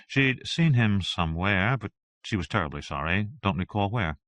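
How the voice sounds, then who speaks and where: A man narrating an audiobook in a steady, even-toned reading. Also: fairly low pitch, moderate pace, dry recording.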